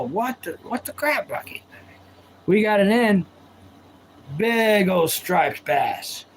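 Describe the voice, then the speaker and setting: A man with a fairly high voice hosts a relaxed live stream from home. He rambles in a folksy way, answering viewer comments and spinning stories. A faint hum sits underneath. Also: low-quality recording. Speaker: livestream host. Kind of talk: casual live-stream chat and storytelling.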